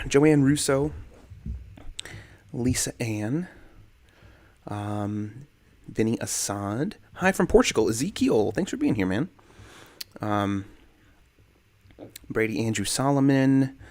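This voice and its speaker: A young man hosts a casual livestream from home, reading comments and greeting chatters by name into a desk condenser mic. His mid-range voice is laid-back with animated swings, and the recording has no room sound.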